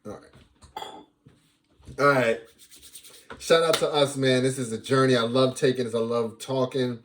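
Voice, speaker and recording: A man's voice: medium pitch, measured pace, a little hiss or hum. A young man hosting a casual sports fan vlog, talking playfully and repeating lines for emphasis. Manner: animated, playful trash talk.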